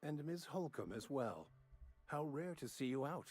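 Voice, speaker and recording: An actor playing a genial, talkative frontier vicar in a video game, speaking with eloquent, theatrical flair. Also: male voice, fairly high pitch, big pitch swings, a little slow, a little mellow, breathy edge, exaggerated voice. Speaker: village vicar.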